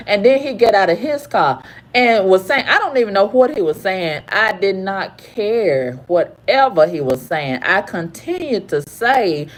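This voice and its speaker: A woman in her fifties telling a story in an angry, profane rant, repeating herself and swinging from low growls to high cries. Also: very animated, a little slow. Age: 50s. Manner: angry, profane, repetitive ranting. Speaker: vlogger. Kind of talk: heated storytime monologue.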